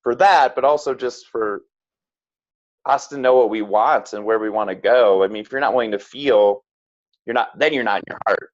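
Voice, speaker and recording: A man's voice: fairly low pitch, moderate pace. A man speaking as a podcast guest, earnest and frank, with many "like"s and "right?"s. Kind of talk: casual reflective chat. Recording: slightly dull lo-fi sound.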